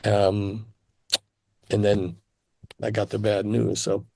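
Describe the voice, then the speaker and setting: A man's voice: on the low side, level tone, slow pace, vocal fry, dark tone, dry recording, clean studio sound. An older man from Cleveland, a guitarist guest, telling rambling anecdotes in a casual interview. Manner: rambling anecdotes with acted-out quotes and laughs.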